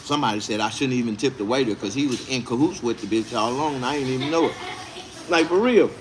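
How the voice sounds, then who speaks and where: A man's voice: mid-range voice, very fast, a little hiss or hum. A man telling a story in a casual, indignant rant, full of swearing. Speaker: vlogger.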